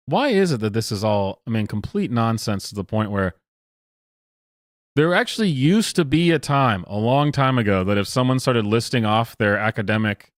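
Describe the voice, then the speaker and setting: Lively, mocking male streamer. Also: medium pitch, no room sound, clean studio sound. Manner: rambling, mocking, with frequent laughs and filler. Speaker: streamer host. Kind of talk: casual live-stream commentary.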